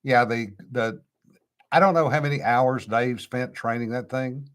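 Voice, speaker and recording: A man's voice: medium pitch, unhurried. A middle-aged man with a slight Cajun accent, co-hosting a casual chat in a laid-back, drawling way. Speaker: podcast co-host.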